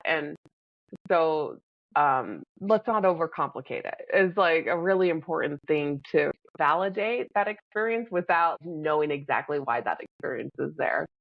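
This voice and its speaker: A woman co-hosting a podcast, talking in a measured, reflective way about handling emotions. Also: low-pitched, no echo, highs cut off. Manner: measured and reflective, pausing to breathe. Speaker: podcast co-host. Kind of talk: casual reflective chat.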